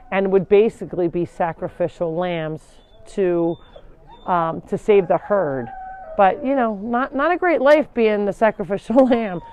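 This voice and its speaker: A woman's voice: mid-range voice, a little mellow, a little hiss or hum. Chatty woman touring her farm. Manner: chatty, often breaks off to call animals. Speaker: animal sanctuary host. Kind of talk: casual live tour chat. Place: outdoors at a farm.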